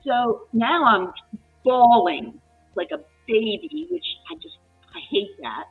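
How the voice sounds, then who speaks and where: A woman retelling a work story in casual chat, animated and emotional, with many restarts. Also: fairly high pitch, takes it slowly, vocal fry, breathy edge. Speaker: live chat guest. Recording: tinny phone-line audio with faint music.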